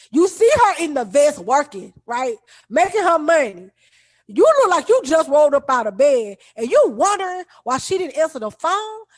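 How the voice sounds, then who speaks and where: Animated high-voiced woman telling a story. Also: dry recording. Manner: animated, colloquial, acts out quoted voices. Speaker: podcast co-host. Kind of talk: casual storytelling chat.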